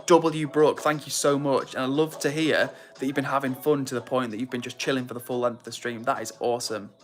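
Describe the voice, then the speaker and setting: A man's voice: medium pitch, flat delivery, a little fast, faint music behind. A young man hosting a livestream, casually reading viewer comments and greeting people by name in a friendly, upbeat way. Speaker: livestream host.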